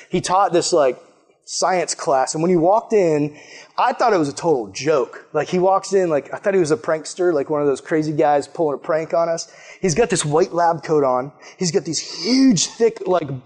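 A man's voice: fairly high pitch, a little mellow. A man preaching a casual sermon to young people, enthusiastic and chatty, often saying "like" and "man". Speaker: youth pastor.

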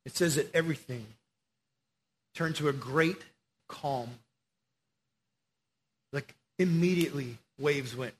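A man preaching a casual sermon to young people, slangy and animated as he tells the story. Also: a little high, moderate pace.

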